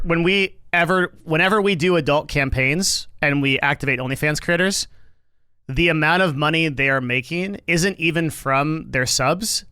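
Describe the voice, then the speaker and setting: A man's voice: fairly high pitch, sharp tone, clean tone, no room sound. A man streaming and reacting to news in casual commentary, rambling with lots of fillers, restarts and swearing.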